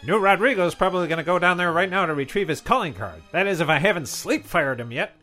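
Brief: man playing a perky, pompous rich miser, high, bright, bouncy delivery. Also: lively intonation, fast talker, faint music behind. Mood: chipper. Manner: cheery, eager, chuckling, pompous. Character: chipper, wealthy miserly politician as Scrooge. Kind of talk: radio comedy sketch.

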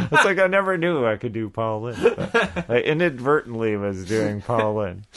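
A man's voice: medium pitch, a bit bright. A man co-hosting a podcast, bantering casually and laughing often as he jokes around. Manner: laughs often, jokey and rambling. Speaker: podcast co-host.

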